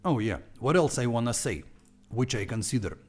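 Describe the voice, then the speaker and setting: A man's voice: mid-range voice, sing-song, normal speed, darkish tone, soft background music. A young man with a Russian accent, chatting informally on his live stream and dropping in Russian words. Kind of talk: casual live stream chat.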